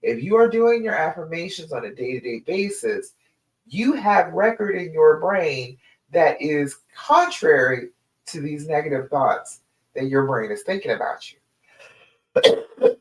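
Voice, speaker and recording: A woman's voice: low-pitched, sing-song, measured pace. A woman relationship coach giving a direct, emphatic live stream talk to her listeners. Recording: echoey room.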